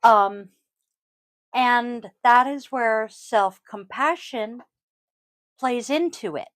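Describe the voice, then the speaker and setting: A woman hosting a casual podcast as a yoga teacher, talking in a rambling, chatty way with frequent ums and throat-clearing. She is recorded at home on a close microphone. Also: a little high, drawn-out words, fairly bright tone, no echo, low-quality recording.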